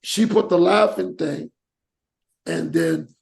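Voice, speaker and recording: A man's voice: high voice, slow pace, gravelly. A man hosting a podcast in casual chat, ranting animatedly and acting out examples as he talks. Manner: animated, rants with acted-out examples. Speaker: podcast host.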